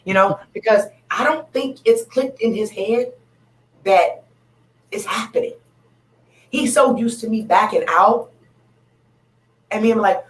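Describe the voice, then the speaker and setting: A woman's voice: medium pitch, measured pace, long pauses, rough recording. Blunt, emphatic woman in casual chat. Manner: emphatic, blunt, repeats points. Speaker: panel speaker.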